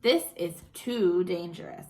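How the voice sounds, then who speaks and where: A woman's voice: on the low side, slow pace, darkish tone, low-quality recording. A woman voicing a timid female sheep, anxious and pleading.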